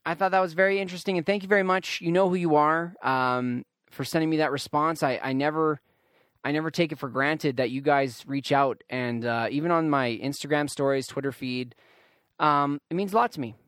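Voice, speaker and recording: An earnest man with a fairly high voice hosts his own podcast, speaking reflectively and stretching words for weight. The sound is dry and close. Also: steady tone, a bit bright, smooth, dry recording. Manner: earnest, reflective, drawn-out emphasis. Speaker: podcast host. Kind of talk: casual solo podcast talk.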